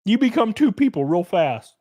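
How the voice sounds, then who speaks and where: Streamer, man, 30s: high, swooping voice, dry close sound, profane sarcastic rants. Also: big pitch swings, normal speed, a little mellow, no echo. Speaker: live streamer. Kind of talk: casual rant to stream chat.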